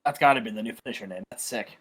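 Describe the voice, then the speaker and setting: A man co-hosting a casual gaming chat, jumping in with short, loud, playful reactions. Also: fairly low pitch, very fast, breathy edge. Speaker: co-host.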